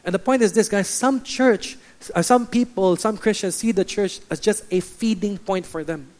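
Man preaching a lively sermon. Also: high voice, normal speed. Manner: lively, mimics churchgoers' voices. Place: church hall.

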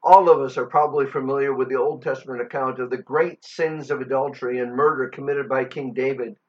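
A man preaching a sermon, telling a Bible story with dramatic pauses and strong emphasis. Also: medium pitch, steady tone. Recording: dull lo-fi recording.

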